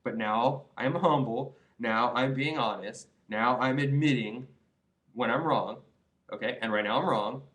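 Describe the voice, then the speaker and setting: A man's voice: mid-range voice, unhurried, fairly bright tone. A young man in his twenties giving rambling, earnest advice to his viewers in a casual vlog, full of restarts and "you know"s. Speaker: vlogger. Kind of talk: casual advice monologue to camera.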